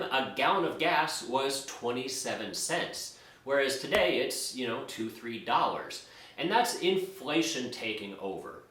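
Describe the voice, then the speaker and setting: A man with a bright, forceful voice talks through money ideas in a relaxed, conversational way. He builds his points from everyday hypothetical examples, like a friendly teacher. The room gives his voice a noticeable echo. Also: mid-range voice. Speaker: personal finance YouTube host. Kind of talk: casual explanatory talk. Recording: roomy echo.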